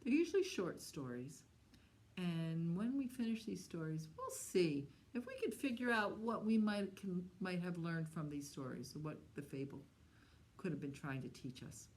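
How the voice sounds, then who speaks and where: A woman hosting a library storytime, talking slowly and gently to young children as she tells fables. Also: on the low side. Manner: slow, gentle and animated, talking to young kids. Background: autoharp she plays before the story.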